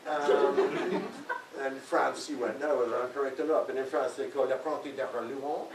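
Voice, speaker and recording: An older man speaks to a library audience in a relaxed, joking way. He is picked up from far back in an echoey hall. A steady hiss runs under his voice. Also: mid-range voice, moderate pace. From Australia. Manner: chatty, self-mocking, laughs often. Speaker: author speaking at a library event. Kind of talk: talk to an audience.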